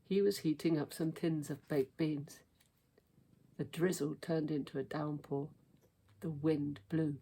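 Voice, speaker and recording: A woman reading a children's storybook aloud in an expressive, measured way. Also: deep voice, vocal fry, slightly rough.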